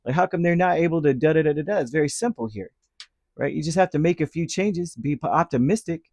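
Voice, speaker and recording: A man giving a casual tarot reading, chatty and animated, full of fillers and restarts. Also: a little high, quick pace, no room sound, studio quality. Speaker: tarot reader.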